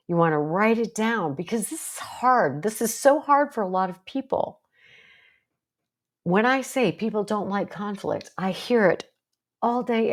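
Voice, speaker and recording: A woman psychologist with a strong, assertive voice, giving an educational talk to viewers in a direct, coaching way. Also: mid-range voice. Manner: direct, coaching, self-deprecating asides.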